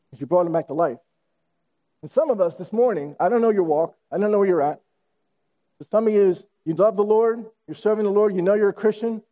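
A man in his sixties preaches with a high voice and a mellow, dark tone. He tells stories in an animated way and comes back to key phrases again and again. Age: 60s. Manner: storytelling, animated, repeats phrases for emphasis. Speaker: pastor. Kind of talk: sermon.

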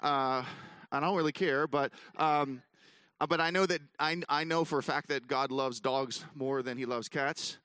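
A man speaking at a ministry gathering, telling a funny story in an animated way with lots of fillers and restarts. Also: mid-range voice, normal speed, clear, resonant tone, no echo. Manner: self-mocking humor. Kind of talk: storytelling talk to an audience.

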